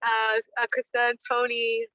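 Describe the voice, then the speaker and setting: Woman, panelist, bright tone, dry sound, webcam audio, heartfelt earnest testimony, emphatic repetition. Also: fairly high pitch, monotone, moderate pace, no room sound, poor audio. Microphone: webcam on video call.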